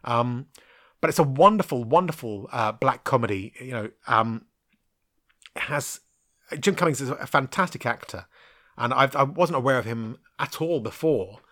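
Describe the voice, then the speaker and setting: Male podcast host, 30s, rambling chatty review, lots of ums, dry close sound, mid pitch. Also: lively intonation, normal speed, a bit bright, dry recording. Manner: rambling, frequent ums and restarts, frank with mild swearing. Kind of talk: casual solo podcast film review.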